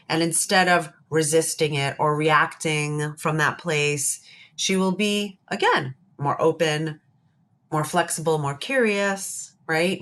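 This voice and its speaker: A woman's voice: sits low, fairly bright tone. A woman speaking as a psychologist guest in an interview, earnest and emphatic, often repeating her key points. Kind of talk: interview conversation.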